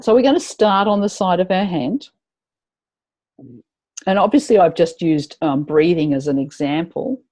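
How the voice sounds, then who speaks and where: A woman's voice: lowish voice, moderate pace, pauses often, dark tone. A woman leading a live tapping webinar, chatty and encouraging as she guides her attendees.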